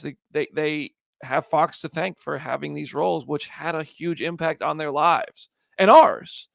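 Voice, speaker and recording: Gravelly guy hosting a movie review podcast, chatty, slightly high voice. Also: no echo, studio quality. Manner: chatty and excitable. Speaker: podcast host. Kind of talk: casual film review chat.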